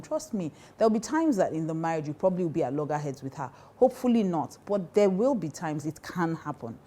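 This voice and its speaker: Nigerian woman pastor giving advice, low voice, keeps repeating stuff for emphasis. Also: a little hiss or hum. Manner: emphatic and animated, repeats key phrases, laughs often. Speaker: pastor and counselor. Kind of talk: advice talk to women.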